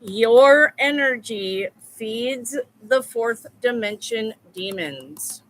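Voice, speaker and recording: A woman's voice: on the high side, lively intonation, drawn-out words, a bit bright, a little hiss or hum. A woman tarot reader talking live to her viewers in a blunt, repetitive, profane way. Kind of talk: live-stream chat with viewers.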